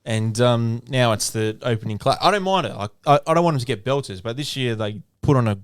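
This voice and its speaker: Smooth-voiced Australian man explaining footy. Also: mid-range voice, expressive, fairly quick, no echo. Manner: explanatory, quotes stats, swears casually. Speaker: podcast co-host. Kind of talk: casual chat.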